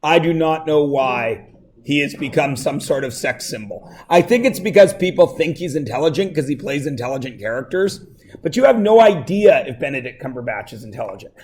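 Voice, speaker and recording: High-voiced joking math teacher. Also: male voice, lively intonation, a little fast, a little mellow, husky. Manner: quizzing, joking asides. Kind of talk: classroom lesson. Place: classroom.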